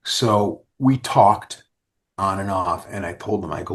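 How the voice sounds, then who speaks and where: A man's voice: deep voice, a little slow. A man, a rock singer, telling stories in a casual interview and acting out what others said. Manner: animated storyteller who acts out others' lines.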